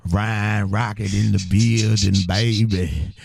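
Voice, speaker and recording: A man putting on a slowed-down, drawling Houston screw-music talker with a syrupy slow drawl. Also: lowish voice, steady tone, gravelly, dry recording, clean studio sound, full character voice.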